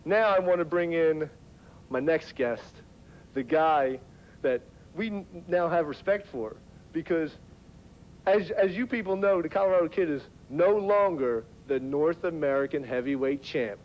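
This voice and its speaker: A man's voice: a little high, measured pace. A man hosting a taunting wrestling promo in lo-fi TV sound. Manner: taunting, mocking. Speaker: wrestling talk segment host. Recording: lo-fi 1990s TV audio.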